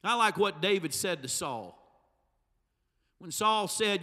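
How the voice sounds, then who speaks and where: Male Pentecostal preacher, high bright voice, soft-to-shouting delivery, reverberant church hall. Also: expressive, a little slow. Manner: swings from soft intimate to shouting climaxes. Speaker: pastor. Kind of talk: Pentecostal sermon. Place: church sanctuary.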